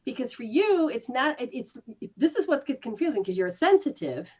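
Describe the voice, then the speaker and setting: A woman's voice: sits high, sing-song, a little fast, darkish tone, breathy edge, highs cut off. A woman healer coaching someone one-on-one in a casual way, acting out reactions with gasps and laughs. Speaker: spiritual healer giving live sessions.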